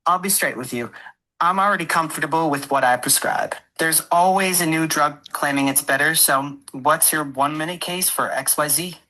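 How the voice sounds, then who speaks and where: A synthetic female AI voice playing a brisk, skeptical female neurologist who asks blunt, probing questions. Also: deep voice, sharp tone, poor audio. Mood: guarded. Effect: AI voice assistant.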